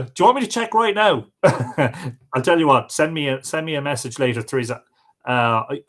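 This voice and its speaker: A man's voice: mid-range voice, fairly bright tone. A man with an Irish accent hosting a livestream, chatting casually and reading viewers' comments aloud, greeting each one by name. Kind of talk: casual live chat.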